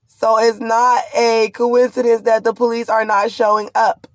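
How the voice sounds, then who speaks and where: A woman's voice: a little high, completely flat delivery, unhurried, no room sound. A pregnant woman recounts a frightening ordeal in an urgent, rambling, fearful way. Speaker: vlogger. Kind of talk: distressed personal account to camera.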